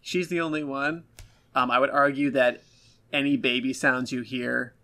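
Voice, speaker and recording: Blunt man with a gravelly bright voice. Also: medium pitch, steady tone, normal speed. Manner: blunt, self-deprecating critique. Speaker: podcast co-host. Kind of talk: casual review chat.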